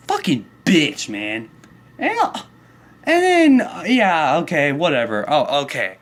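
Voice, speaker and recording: A man's voice: a little high, wildly swooping pitch, takes it slowly. A man telling a story in a comedic angry rant, profane and worked up, rambling along with restarts. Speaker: vlogger.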